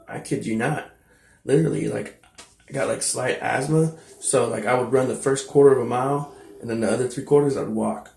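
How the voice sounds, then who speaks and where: A man's voice: mid-range voice, brisk, vocal fry, darkish tone, reverberant. A young man telling a personal story in a rambling, blunt way, with many fillers and asides. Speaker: vlogger telling his life story.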